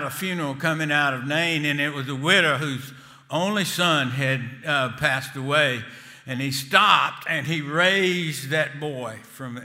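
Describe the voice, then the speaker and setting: A man's voice: on the high side, pushed and bright, in a large hall. An older man preaching a sermon, telling folksy stories and asking the congregation questions. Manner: folksy storytelling with asides to the congregation. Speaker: pastor.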